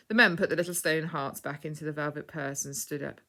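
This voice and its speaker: A woman reading a children's story aloud in clear, measured scripted narration. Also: sits low, fairly even intonation, sharp tone.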